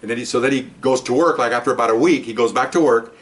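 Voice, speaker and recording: Fast-talking older retired cop storyteller. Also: male voice, mid-range voice, slight background noise. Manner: animated, acts out quoted voices. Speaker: retired police officer. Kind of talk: casual anecdote telling.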